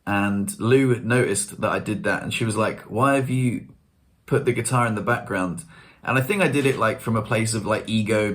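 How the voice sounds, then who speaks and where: Chatty man, lower voice. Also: a bit bright. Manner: chatty, slangy storytelling with self-mocking humour. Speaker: vlogger. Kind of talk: casual chat to camera.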